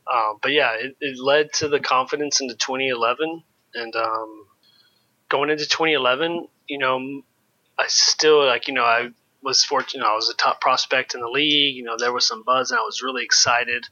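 Man telling candid stories, very bright. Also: medium pitch, fairly even intonation, normal speed, muffled recording. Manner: loose, candid, filler-heavy with "like" and "you know". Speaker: former pro baseball pitcher, guest. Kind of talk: casual storytelling in an interview.

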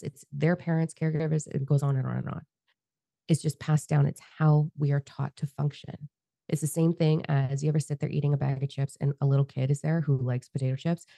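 A woman co-hosting a podcast, talking bluntly and casually, swearing freely and telling animated stories. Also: sits low, creaky, dry recording. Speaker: podcast co-host.

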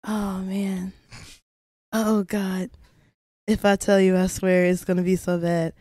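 A young woman tells a story on a casual podcast. She acts out each person in her story with high, squealing voices and laughs often. Her voice is mid-pitched and recorded dry and close. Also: little pitch movement, takes it slowly, dark tone, no echo. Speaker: podcast guest.

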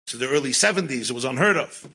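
Animated man telling a story, bright voice. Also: mid-range voice, fast, slightly rough, poor audio. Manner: animated, mixes Yiddish and Hebrew words into English. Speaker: rabbi and storyteller. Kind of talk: storytelling talk.

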